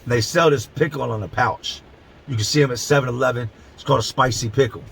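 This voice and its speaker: A man's voice: mid-range voice, fast talker, gravelly, fairly bright tone, a little hiss or hum, rough recording. A middle-aged man from Philadelphia telling a prison story in blunt, profane street talk, stretching words for emphasis. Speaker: channel host telling prison stories. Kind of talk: casual storytelling to camera.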